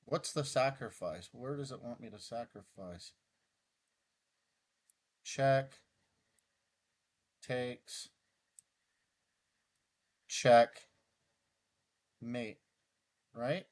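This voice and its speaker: Slow, muttering man thinking aloud. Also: mid-range voice. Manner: mutters through moves, self-deprecating outbursts. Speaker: chess YouTuber solving puzzles. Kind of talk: casual thinking-aloud commentary.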